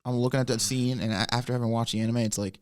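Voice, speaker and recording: A man's voice: medium pitch, steady tone, racing. A young man co-hosting a podcast, making blunt, profane jokes in casual banter. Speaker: podcast co-host.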